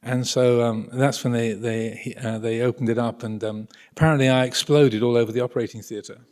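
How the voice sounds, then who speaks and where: An Englishman in a mid-pitched voice tells a long personal story to an audience. He rambles and hesitates, circling back with restarts and chuckling now and then. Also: fairly even intonation, brisk, darkish tone. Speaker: speaker addressing an audience. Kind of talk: anecdotal spiritual talk.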